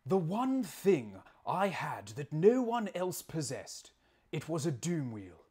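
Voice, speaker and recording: Guy putting on a bad british accent, pompous and slow, declaiming like a big speech. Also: on the high side, huge pitch swings, darkish tone, slightly rough, voice pushed up, full character voice. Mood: mock-grandiose. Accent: put-on British. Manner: grandiose, slow, mock-solemn delivery. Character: pompous mock-British man declaiming a boastful statement. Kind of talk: reading a statement aloud in a put-on voice.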